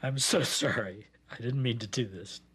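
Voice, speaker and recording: A man's voice: mid-range voice, a bit bright, breathy edge. A defensive drinking father. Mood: remorseful. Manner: halting, restarts and repeats words. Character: stressed middle-aged father who drinks, defensive. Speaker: therapy client. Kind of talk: simulated therapy session.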